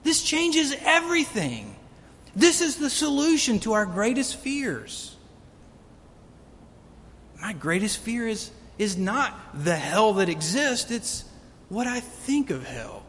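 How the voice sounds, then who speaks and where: A man's voice: big pitch swings, slow, fairly bright tone. A man preaching a sermon earnestly, building to emphatic peaks. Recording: long reverb of a hall, faint rumble.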